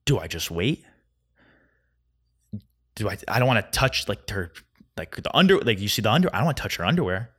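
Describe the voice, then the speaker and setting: A young man hosting a solo podcast, rambling through a casual rant at a quick, anxious clip. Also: on the low side, fairly bright tone. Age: young adult. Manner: fast, rambling, anxious storytelling. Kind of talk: casual ranting monologue. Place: Chicago.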